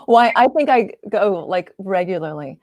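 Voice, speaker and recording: Animated laughing woman artist. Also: medium pitch, moderate pace, no room sound, highs cut off. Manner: animated, laughs often, lots of fillers. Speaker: artist guest. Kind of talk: casual conversational chat.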